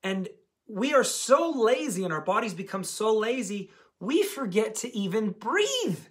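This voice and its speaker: A man's voice: high voice, very animated, a little slow, fairly bright tone. A man coaching a diet program community in a casual, emphatic talk to camera, repeating key words for stress.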